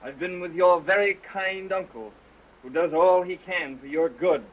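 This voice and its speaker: A man's voice: high-pitched, moderate pace. An actor playing a brash, bitter young man in a 1929 talkie, sardonic in manner. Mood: mocking. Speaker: film actor. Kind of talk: 1929 early talkie acting. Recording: muffled early sound film with score.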